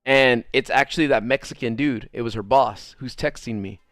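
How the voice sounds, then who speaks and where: A man streaming a game while telling a story in casual chat, animated, swearing freely and laughing often. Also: mid-range voice, moderate pace, no echo, clean studio sound.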